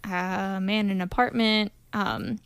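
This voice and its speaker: A woman's voice: medium pitch, slow, smooth, no echo, studio quality. A woman co-hosting a podcast, casually recapping a movie from her scribbled notes. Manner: relaxed, reading from scribbled notes. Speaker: podcast co-host.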